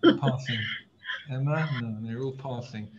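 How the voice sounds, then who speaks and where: A man's voice: on the high side, fast, a crowd in the background. Chatty man teaching scripture chant. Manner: chatty, repeats words, trails off into asides. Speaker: teacher leading a scripture reading class. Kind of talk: casual teaching, chanting Hebrew verses. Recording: dull lo-fi audio.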